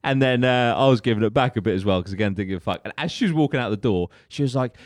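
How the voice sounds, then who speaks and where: A young man telling a story on a podcast, animated and sweary, laughing often. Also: mid-range voice, rapid-fire, dry recording, studio quality. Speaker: podcast co-host. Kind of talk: casual storytelling chat.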